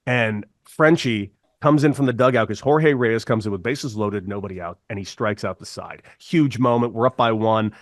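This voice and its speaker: A man's voice: fairly low pitch, normal speed, hardly any pauses, no echo, studio quality. A man in his thirties, a former ballplayer, telling a long story casually on a podcast and slipping into voices for quotes. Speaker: podcast guest, former baseball player.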